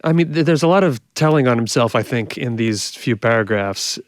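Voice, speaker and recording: A man co-hosting a casual podcast, deadpan, answering mostly in brief replies with an occasional dry joke. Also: mid-range voice, a little fast, no room sound. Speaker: podcast co-host.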